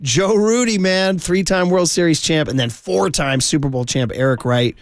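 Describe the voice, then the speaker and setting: A man hosting a sports radio show, talking quickly and enthusiastically with lots of laughs. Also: on the high side, no room sound, clean studio sound. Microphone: studio microphone.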